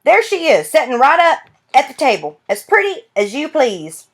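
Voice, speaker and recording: A folksy old grandfather teases in a drawling country voice, as a woman narrator puts him on. The voice sits above her reading voice and swings widely in pitch. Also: sing-song, moderate pace. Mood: teasing. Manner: drawling, teasing, country grammar.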